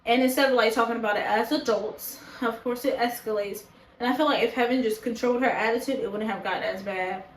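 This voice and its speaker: A woman's voice: fairly high pitch, fast, roomy sound, slight background noise, low-quality recording. A woman reviewing a reality show in casual chat to camera, blunt, profane and opinionated. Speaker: show reaction vlogger. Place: indoors, talking to a camera.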